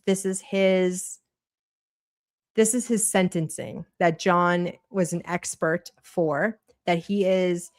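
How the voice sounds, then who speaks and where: A woman's voice: on the low side, no echo, studio quality. A woman with a Boston accent hosting a casual livestream, chatty and blunt, swearing freely while she reads a court document aloud. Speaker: livestream host.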